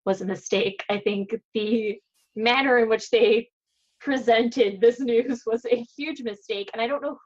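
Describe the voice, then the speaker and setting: A woman's voice: fairly high pitch, steady tone, unhurried. Opinionated woman podcaster, lo-fi. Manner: opinionated, emphatic. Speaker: podcast co-host. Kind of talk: casual chat.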